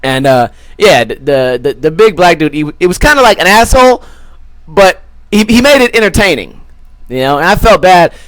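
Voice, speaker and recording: A man's voice: fairly high pitch, very animated, moderate pace, a bit bright, dry recording. A young man hosting a podcast, telling a rambling, crude story full of swearing and acted-out quotes. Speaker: podcast host. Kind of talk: casual storytelling.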